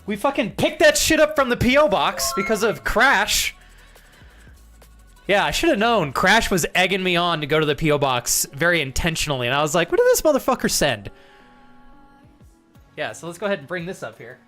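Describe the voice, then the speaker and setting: A man's voice: sits high, expressive, fairly quick, pushed and bright, faint music behind. A man with an American accent chatting to his live-stream audience, laughing often and swearing freely.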